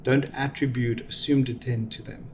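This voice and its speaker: Measured man explaining. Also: medium pitch, fairly even intonation, slight background noise. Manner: measured, explanatory, gives examples. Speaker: venture capital guest. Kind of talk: reflective interview answers.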